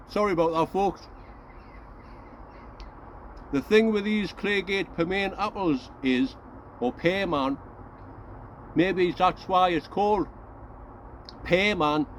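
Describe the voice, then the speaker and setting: A man's voice: high voice, slight background noise. A man vlogging from his outdoor allotment, rambling chattily to his viewers and laughing at himself as he goes. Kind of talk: casual chat to camera.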